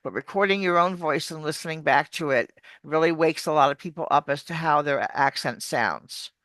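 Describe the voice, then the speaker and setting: A woman's voice: sits low, moderate pace, no room sound. An American woman, an accent coach, explaining pronunciation in an interview and showing sounds as she goes. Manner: animated, demonstrates sounds while explaining. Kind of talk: explaining on a video call interview.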